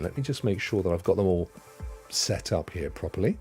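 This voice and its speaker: A man's voice: sits low, animated, brisk, darkish tone, slightly rough, faint music behind. A man in his fifties with a mixed Potteries and Sydney accent and a touch of Devon, hosting a live stream and chatting casually with viewers in a matey, rambling way. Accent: mixed Potteries and Sydney, with some Devon. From England. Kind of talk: casual chat reading viewer comments.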